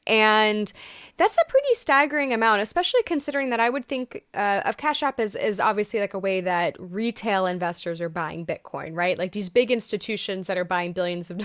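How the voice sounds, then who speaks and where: A woman's voice: medium pitch, a bit bright, clear, resonant tone, dry recording, studio quality. Chatty woman vlogging crypto news. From Canada and the US. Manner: chatty, upbeat, many fillers and asides. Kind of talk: casual news chat to camera.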